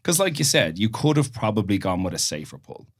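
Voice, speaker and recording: An Irish man hosting a podcast, relaxed and encouraging, recapping the story before he asks his question. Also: on the low side, a little fast. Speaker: podcast host. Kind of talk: casual interview chat.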